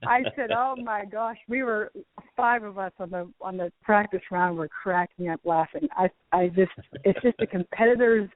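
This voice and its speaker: A middle-aged woman, a former tour golfer who now teaches, telling stories in a lively way with frequent laughs. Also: medium pitch, normal speed, no echo. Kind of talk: phone interview storytelling. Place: outdoors at a driving range. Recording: tinny phone line, dry.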